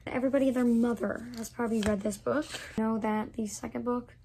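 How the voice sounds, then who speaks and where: Young woman, book vlogger, casual chat to camera, slightly high, mellow tone. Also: fairly even intonation, fast talker, slight background noise. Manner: chatty, gushing, many likes and fillers.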